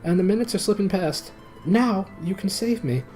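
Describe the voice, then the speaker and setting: Desperate enchanted knight in a storybook reading, high, strained, begging. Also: male voice, lively intonation, moderate pace, darkish tone, faint music behind, poor audio. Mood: desperate pleading. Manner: high strained pleading, rising to shrieks. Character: tormented enchanted knight, adult man, pleading.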